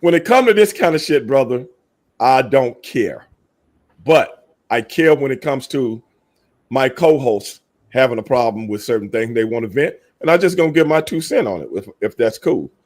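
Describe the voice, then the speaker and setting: A man's voice: mid-range voice, lively intonation, moderate pace, darkish tone. Emphatic, profane man on a podcast. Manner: emphatic, profane, repeats points. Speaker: podcast co-host. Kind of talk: casual podcast debate.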